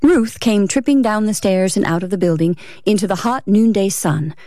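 A woman narrating a story aloud in a steady reading voice. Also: medium pitch, normal speed, no room sound, studio quality. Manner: steady reading, varies voice for characters. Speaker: audiobook narrator. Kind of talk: scripted narration.

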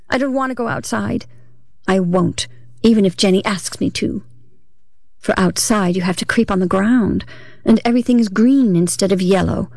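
A woman giving a measured, expressive audiobook reading of a first-person literary story. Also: mid-range voice, vocal fry, no echo, studio quality. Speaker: reader.

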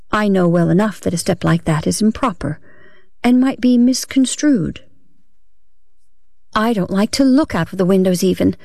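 A woman's voice: mid-range voice, darkish tone, dry recording, clean studio sound. Woman reading a dramatic first-person story. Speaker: reader.

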